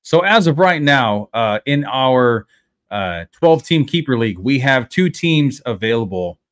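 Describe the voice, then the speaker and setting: Male co-host, mid pitch, relaxed, easygoing sports chat. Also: measured pace. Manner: relaxed, thinks aloud with fillers. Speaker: podcast co-host.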